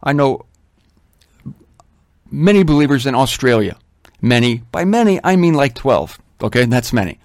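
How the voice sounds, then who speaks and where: A middle-aged man giving an informal Bible teaching, emphatic and conversational, slowing down to stress his points. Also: medium pitch, animated, no room sound, clean studio sound.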